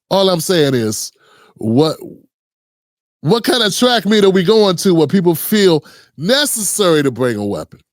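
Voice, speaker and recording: A man's voice: high-pitched, very animated, a little slow, long pauses, no room sound, clean studio sound. A man hosting a commentary channel, talking casually and earnestly with many restarts and rhetorical questions.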